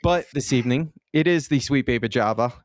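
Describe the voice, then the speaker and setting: A man co-hosting a casual gaming podcast, relaxed and laughing often, with the odd swear. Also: medium pitch, brisk, no echo, studio quality. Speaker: podcast co-host.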